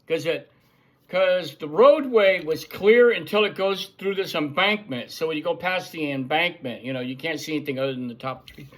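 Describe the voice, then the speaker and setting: A middle-aged man tells an old army story in a casual, animated way, with a voice that sits a bit high for a man. He acts out the gunfire with his own boom and pop sounds, and he shouts out the lines of the people in the story. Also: moderate pace. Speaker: show host telling a story.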